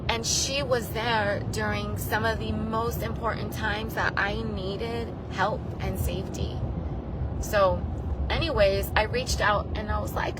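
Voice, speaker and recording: Slow-talking emotional woman vlogger. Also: medium pitch, level tone, heavy background noise. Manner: rambling, emotional, with repeated restarts. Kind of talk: casual storytelling to viewers.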